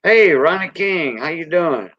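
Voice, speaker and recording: A man's voice: on the high side, expressive, a little slow, fairly bright tone, dry recording. An older man from South Louisiana with a Cajun accent, French his first language, hosting a casual livestream chat in a rambling, folksy way. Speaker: host. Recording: dull dry lo-fi sound.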